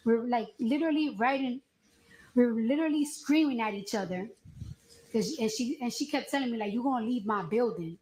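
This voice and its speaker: A woman testifying as a witness, retelling events in a lively, slangy way with acted-out quotes. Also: on the high side, fairly quick. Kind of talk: courtroom testimony, storytelling. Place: echoey courtroom. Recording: echoey courtroom with faint noise.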